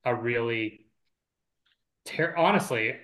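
A man on a casual movie podcast who speaks at an ordinary middle pitch. He shares his opinions candidly and with emphasis, leaning hard on certain words. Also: slow, fairly bright tone, rough recording. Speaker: podcast co-host.

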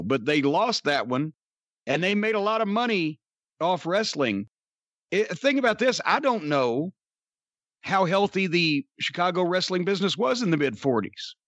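High-voiced man, rambling and profane. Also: fairly bright tone, dry recording. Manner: rambling and profane, many fillers. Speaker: podcast co-host and wrestling storyteller. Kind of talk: casual chat.

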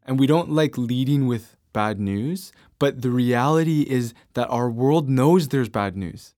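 A man's voice: mid-range voice, measured pace, darkish tone, dry recording, studio quality. Earnest man hosting a faith podcast. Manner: earnest storytelling. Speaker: podcast host. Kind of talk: conversational faith discussion.

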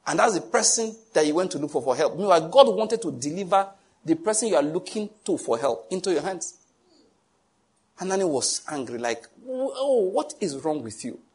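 A man's voice: a little high, lively intonation, a little fast, breathy edge. A man preaching a sermon emphatically and asking the congregation questions. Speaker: pastor.

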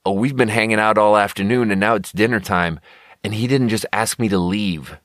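A wary, bewildered Swedish man muttering low and slow, as a man puts him on. He sounds uneasy and a bit stiff. The recording is dry and close. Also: a bit bright, no room sound, lightly acted.

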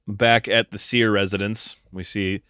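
A man's voice: lowish voice, little pitch movement, a little slow, sharp tone, no room sound, clean studio sound. A man co-hosting a casual podcast about a movie, talking animatedly, swearing freely and acting out lines in funny voices. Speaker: podcast co-host. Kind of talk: casual movie-discussion chat.

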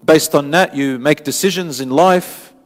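A man's voice: on the high side, measured pace. A man delivering an earnest, emphatic Islamic sermon, repeating phrases for stress. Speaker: Islamic preacher. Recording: long hall reverb, faint music.

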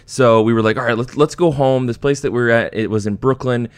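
A young man chats on his podcast in a lively, storytelling way, his pitch jumping around as he acts out the people in his anecdotes. His voice sits in an ordinary middle register. The recording is close and dry. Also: fairly quick, no room sound. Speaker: podcast host. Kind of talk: casual chat, storytelling.

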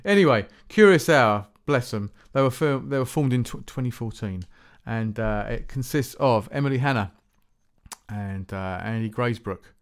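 A man's voice: medium pitch, lively intonation, normal speed, smooth. A man hosting a music podcast, rambling casually, often stumbling over his words and swearing offhand. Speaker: podcast host.

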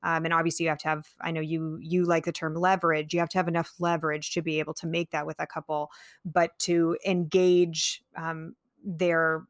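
Low voiced lady interviewer, thinks out loud, dry mic. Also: little pitch movement, normal speed, dry recording. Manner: thoughtful, searching for words. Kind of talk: podcast interview.

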